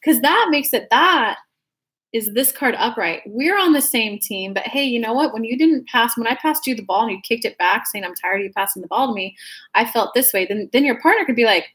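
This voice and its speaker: A woman's voice: fairly high pitch, expressive, fairly quick, fairly bright tone. A woman giving a casual tarot reading to her viewers, chatty and rambling, often restarting her sentences. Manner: talks straight to viewers as "guys". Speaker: tarot reader.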